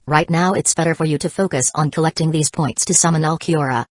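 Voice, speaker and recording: A woman's voice: low-pitched, fast talker, no room sound. A woman reading as an earnest young woman. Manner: calm, even delivery.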